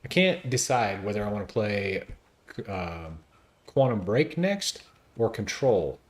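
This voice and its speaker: A man streaming a video game, chatting casually and joking as he thinks out loud. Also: fairly low pitch, big pitch swings, takes it slowly. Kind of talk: casual gameplay commentary.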